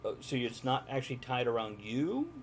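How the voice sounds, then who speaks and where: A man's voice: mid-range voice, sing-song, moderate pace, slight background noise. A man narrating a live-streamed tabletop game as game master, chatty and jokey, chatting with viewers in between.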